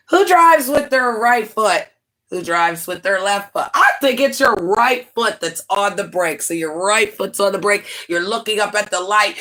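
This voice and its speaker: A woman's voice: mid-range voice, pushed and bright. A woman hosting a casual livestream, telling stories in a dramatic, rambling way. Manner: dramatic, rambling storyteller with laughing asides. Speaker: livestream host.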